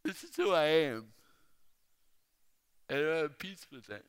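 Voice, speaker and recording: A man preaching a sermon, telling a personal story slowly and with emphasis. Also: a little high, animated, a bit bright, smooth. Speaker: speaker. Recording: reverberant hall.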